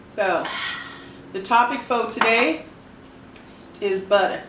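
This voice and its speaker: A woman chatting slowly over lunch, breaking into giggles and exclamations. She is recovering from a cough. The echoey room and far-off camera give her voice a distant, roomy sound. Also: on the high side, noisy background. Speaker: channel host. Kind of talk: casual chat over lunch. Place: home dining table.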